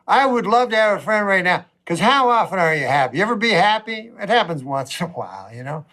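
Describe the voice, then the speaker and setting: Deadpan rambling male stand-up comic. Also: sits high. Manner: deadpan, rambling delivery with drawn-out pauses and acted-out quotes. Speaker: comedian. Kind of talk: stand-up comedy monologue.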